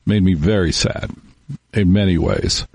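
Middle-aged man, radio talk host, low and husky, dry studio sound, wry rambling monologue. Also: fairly even intonation, a little slow, darkish tone, dry recording. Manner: rambling, wry, storytelling with acted-out quotes. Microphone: studio microphone.

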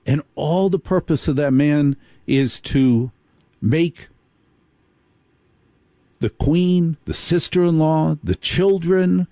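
Man, comic monologue, sardonic, slow delivery, dry recording. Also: on the high side, dark tone, dry recording. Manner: sardonic, storytelling.

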